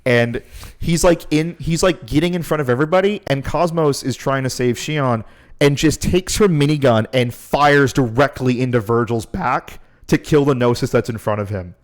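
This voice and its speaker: A man co-hosts a podcast, rambling through a casual, profane recap of a game. He swears freely and breaks into laughter often. His voice sits at an ordinary middle pitch. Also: normal speed. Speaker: podcast co-host.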